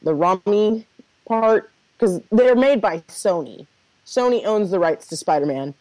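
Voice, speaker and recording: Lively woman chatting on a podcast. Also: medium pitch, measured pace, no room sound, low-quality recording. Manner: lively, hesitant, laughs often. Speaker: podcast co-host. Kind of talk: casual group chat.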